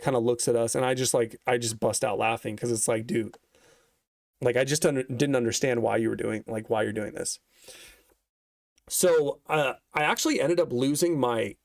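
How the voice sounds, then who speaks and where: A man's voice: mid-range voice, darkish tone, no echo, clean studio sound. A young man telling a rambling story in casual vlog style, profane and laid-back, with lots of fillers. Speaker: vlogger.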